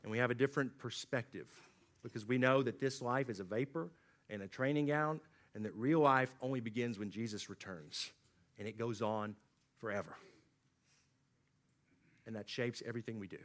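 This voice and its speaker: A man preaching a sermon, swinging from loud emphatic lines to low, quiet drops. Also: moderate pace, long pauses. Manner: dynamic preaching, rising emphatic then dropping low and quiet. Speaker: pastor.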